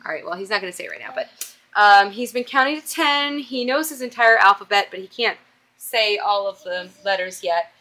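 A woman's voice: mid-range voice, lively intonation, brisk, bright, forceful tone. A young woman vlogging casually at home as a mom, chatty and doting, often stopping to coax her toddler.

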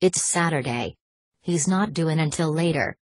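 A woman's voice: sits low, normal speed, slightly rough, dry recording. A woman reading a curt young altar boy. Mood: grumbling. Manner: curt, grumbling.

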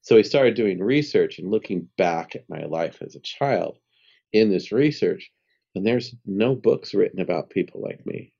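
A very low-voiced man in his fifties with a mellow, dark tone tells his story as a guest on an interview podcast. He is animated and conversational, slipping into the voices of the people in his anecdote. The audio is slightly dull and lo-fi. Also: moderate pace, gravelly, slightly rough. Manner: animated storyteller who acts out dialogue and laughs often. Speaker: guest, spiritual healer.

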